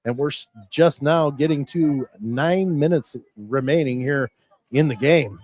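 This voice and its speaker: A man giving folksy, rambling play-by-play commentary on a high school football game, often correcting himself. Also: a little slow, darkish tone. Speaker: play-by-play announcer.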